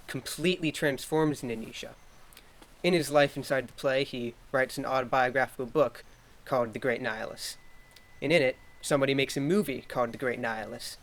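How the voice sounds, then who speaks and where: An actor playing a former newscaster who talks in a dry, matter-of-fact way. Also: male voice, medium pitch, a bit bright, close to an everyday voice. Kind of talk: indie comedy film acting.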